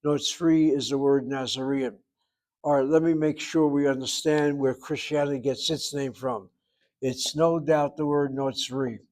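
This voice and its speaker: A man teaching a Hebrew grammar lesson, explaining patiently and repeating words slowly to show how they sound. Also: mid-range voice, fairly even intonation, darkish tone, poor audio. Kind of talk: classroom grammar lecture.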